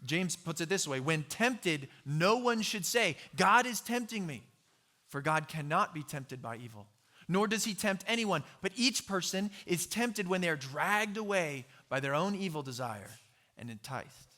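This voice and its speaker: A man's voice: high voice, lively intonation, unhurried, bright, forceful tone. A man preaching a sermon as pastor, conversational and storytelling, with filler words and asides.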